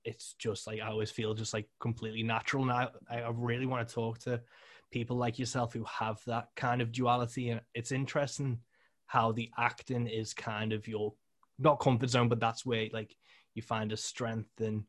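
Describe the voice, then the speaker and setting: A man's voice: mid-range voice, moderate pace, dry recording, clean studio sound. A man hosting a podcast interview, chatting casually with lots of fillers. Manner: relaxed, lots of "like" and short agreements. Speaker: podcast host, musician.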